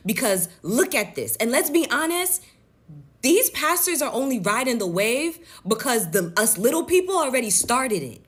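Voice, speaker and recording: Blunt, animated woman ranting. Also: medium pitch, normal speed. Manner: blunt, profane, animated commentary. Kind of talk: reacting to news clips, reading an email aloud.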